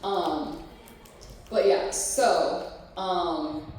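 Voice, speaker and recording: Speaking very slowly in a fairly low, slightly mellow voice, a woman presents a convention panel to a live audience. She's casual and frank, swearing now and then and often saying "like, you know." The mic is distant, the room echoey, with a little hiss or hum.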